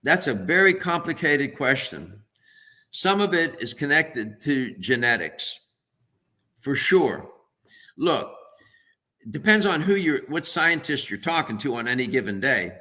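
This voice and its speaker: A man's voice: mid-range voice, big pitch swings, unhurried, pushed and bright. A man speaking as a nutritionist guest on a radio interview, earnest and emphatic as he thinks aloud.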